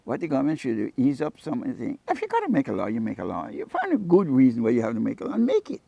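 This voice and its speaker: A creaky, medium-pitched voice races along in a recording with no echo and the highs cut off. The speaker, an older man from Cayman Brac, Cayman Islands, who fishes and makes jewelry, rambles through interview stories and plays out the dialogue.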